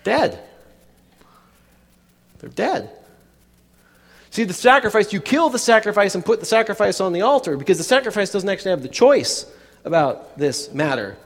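A man's voice: high-pitched, animated, fairly quick, in a large hall. A man preaching a sermon in a chatty way, with many restarts and asides to the congregation. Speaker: pastor.

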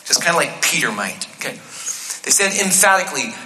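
A man preaching a sermon in a conversational, animated way, acting out the quotes in the passage. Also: a little high, brisk. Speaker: pastor. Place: church auditorium. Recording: live reverb of a church hall.

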